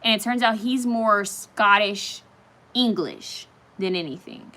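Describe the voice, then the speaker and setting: A woman's voice: mid-range voice, slow pace, bright, forceful tone. A woman hosting a casual live stream, chatting straight to her viewers and reacting to their comments as they come in.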